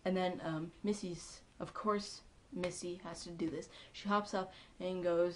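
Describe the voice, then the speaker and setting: A woman with a somewhat low-pitched voice talks through a TV episode in a casual, excitable recap. She is chatty and fills her sentences with ums and likes as she goes. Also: measured pace, few pauses. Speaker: TV episode reviewer.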